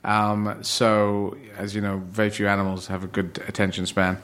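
A man's voice: lowish voice, level tone, normal speed, fairly bright tone, slight background noise. Rambling, laughing English comedian man. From England. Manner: rambling, laughing, restarts often. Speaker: comedian guest. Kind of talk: casual podcast chat.

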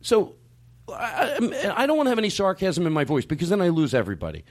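Male podcast host, lively and somewhat high-pitched, rambling with restarts, a touch sarcastic. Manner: rambling, halting, many restarts and fillers; openly sarcastic at times. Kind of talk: casual discussion.

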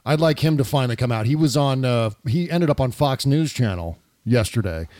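A man's voice: mid-range voice, animated, fairly quick, darkish tone, no echo. Male podcast host, casual political talk, blunt and salty, plenty of "uh"s, dry close sound. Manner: blunt, profane, with frequent filler "uh".

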